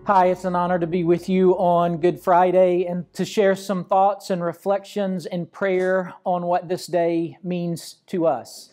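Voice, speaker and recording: A man from Arkansas, a pastor, giving a measured, reflective sermon and patiently explaining scripture. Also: sits high, level tone, darkish tone, faint music behind.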